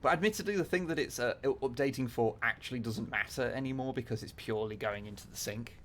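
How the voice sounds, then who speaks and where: A man talks through a gaming livestream in a loose, casual way. He thinks aloud as he goes, trailing off into fillers and restarting sentences, and drops the odd swear word. His voice sits at a middling pitch for a man. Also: quick pace, fairly bright tone, slight background noise. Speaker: livestreamer playing a factory-building game. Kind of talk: casual gameplay chat.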